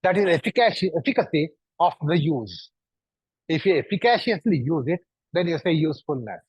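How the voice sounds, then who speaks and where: In a brisk, sing-song voice that sits on the high side with a breathy edge, a man instructs a yoga class. He leads students through poses and peppers them with repeated, probing rhetorical questions. The recording is dull and lo-fi, with no room sound.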